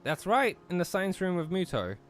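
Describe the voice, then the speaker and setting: A man's voice: sits high, very animated, normal speed, faint music behind, voice pushed up. A man reading a casual young transfer student. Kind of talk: reading a visual novel role aloud.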